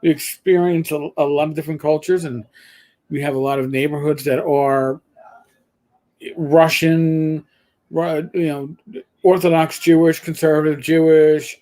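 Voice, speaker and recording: Older new guy, kinda high voice, rambles and jumps around telling stories. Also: a little slow. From New York. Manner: rambling, animated storytelling with restarts. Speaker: co-host. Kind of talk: casual chat.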